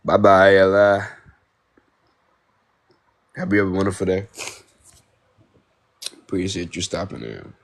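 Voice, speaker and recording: Young man, laid-back live-stream chat, slow, low-pitched, slangy, repeats himself, phone mic. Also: fairly even intonation, vocal fry. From Ohio, United States.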